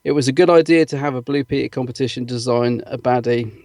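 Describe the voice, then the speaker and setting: A man's voice: medium pitch, fast talker, darkish tone, no echo, clean studio sound. A man co-hosting a podcast in a casual chat, reading out listener comments with frequent ums and little laughs. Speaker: podcast co-host.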